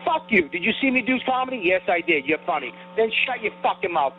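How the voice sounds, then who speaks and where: A man with a high voice and a New York accent rants in a heated, profane way on a comedy podcast. The sound is thin and tinny, like a phone line. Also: sing-song, quick pace, slight background noise. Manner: profane, heated, self-described sensitive. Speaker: podcast co-host. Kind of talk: ranting comedy banter.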